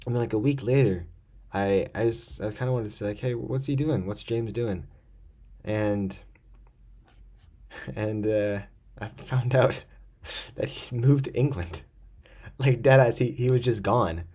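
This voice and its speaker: A young man talks through a personal story in an unscripted, rambling way, full of slang, restarts and nervous little laughs. His voice sits a bit low, and the delivery stays loose and conversational. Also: a little slow, pauses often, a little mellow. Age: young adult. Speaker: vlogger. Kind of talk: casual storytime monologue.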